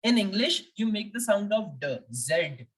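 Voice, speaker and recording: A woman's voice: mid-range voice, lively intonation, normal speed, far from the mic, poor audio. A woman teaching French, patiently drilling each letter of the alphabet one by one and asking learners to repeat after her.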